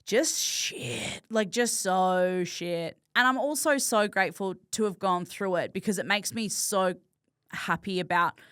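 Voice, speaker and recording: A woman's voice: medium pitch, unhurried, a bit bright, clear, resonant tone, dry recording, clean studio sound. A young woman, a podcast guest speaking openly and from the heart in a conversational interview, filling her talk with "like". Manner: open and heartfelt, peppered with "like".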